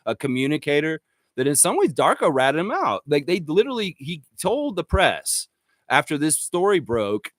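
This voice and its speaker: A man's voice: fairly high pitch, normal speed, no echo. Fired-up sweary guy ranting on a livestream, voice jumping all over, dry close sound. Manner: profane, excitable, reads chat aloud. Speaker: live-stream host. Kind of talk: casual live-stream rant.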